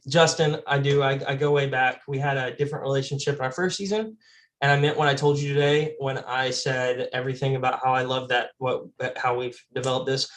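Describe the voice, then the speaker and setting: A man, an eliminated player, giving a halting, emotional farewell speech with frequent restarts. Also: medium pitch.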